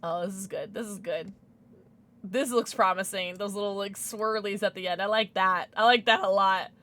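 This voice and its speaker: A young woman streaming a game to her chat, giggling a lot and shrieking with excitement. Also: mid-range voice, normal speed. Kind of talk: livestream game commentary.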